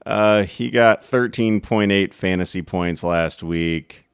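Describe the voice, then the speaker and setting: A man's voice: low-pitched, slow pace, clean tone, dry recording, studio quality. A man co-hosting a podcast in casual sports chat, joking and reading out stats as he goes. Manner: joking, talks through stats aloud. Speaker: podcast co-host.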